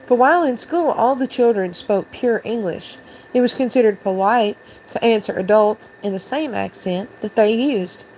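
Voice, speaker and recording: A woman host reading a storybook aloud in a steady, even narration. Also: on the high side, normal speed, slight background noise, rough recording.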